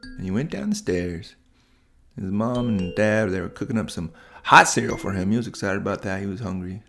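A man narrating a children's bedtime story in a relaxed, improvised way, with restarts. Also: fairly low pitch, fairly quick, faint music behind. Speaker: storyteller and podcast host.

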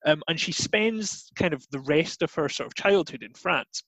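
A man's voice: on the high side, lively intonation, moderate pace, creaky, a bit bright, no room sound, poor audio. A Scottish man explaining history in a chatty way, with many fillers and hedges. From Scotland. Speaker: guest teacher.

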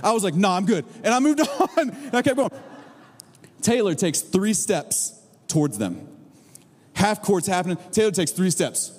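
In a church auditorium, a middle-aged pastor preaches a storytelling sermon, his animated delivery moving between booming peaks and low, stretched-out lines. The long reverb of the big hall lingers on the recording.

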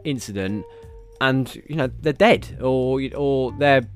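A man, hosting his own podcast and rambling through stories, swearing constantly and getting animated. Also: mid-range voice, slow pace, clear, resonant tone, faint music behind. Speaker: podcast host. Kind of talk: casual solo podcast chat.

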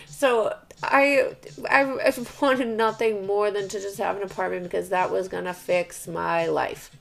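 Gravelly, blunt, swearing young woman. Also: mid-range voice, moderate pace, soft background music. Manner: blunt and confessional, swears often, frequent fillers like okay and right. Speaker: podcast host. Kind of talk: candid personal monologue.

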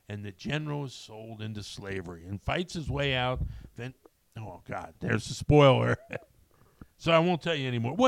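A man's voice: mid-range voice, gravelly, dry recording. A middle-aged man hosting a casual movie chat, rambling with many ums and restarts. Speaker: podcast host.

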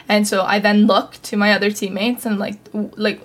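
A woman's voice: medium pitch, level tone, normal speed. A young adult woman hosting a podcast, telling a personal story in a chatty, casual way with lots of fillers. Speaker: podcast host.

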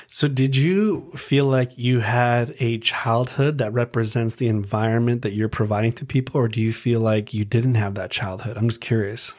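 A man's voice: mid-range voice, steady tone, moderate pace, few pauses, a little mellow. A man hosting a casual interview, asking long, rambling questions full of fillers. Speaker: podcast host.

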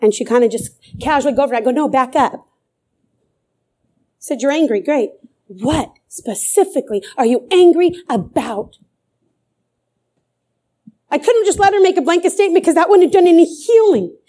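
A woman's voice: high voice, expressive, moderate pace, pauses often, dark tone. A middle-aged woman preaching a sermon with fervor, repeating phrases for emphasis.

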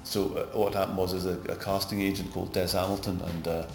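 In a relaxed interview chat, this Scottish actor from Glasgow speaks fast in a low, gravelly voice. He's middle-aged, rambles from one anecdote to the next, and livens up as he tells them, while a roomy echo and background music fill the recording.

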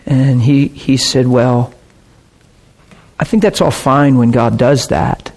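Husky man preaching earnestly. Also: medium pitch, fairly even intonation, takes it slowly, a little mellow. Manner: earnest, intense, retells quoted dialogue. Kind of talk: sermon storytelling.

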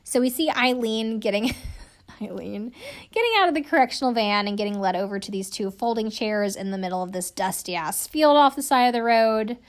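A woman's voice: fairly high pitch, normal speed. A young woman casually recapping a reality show, chatty, swearing freely and laughing often.

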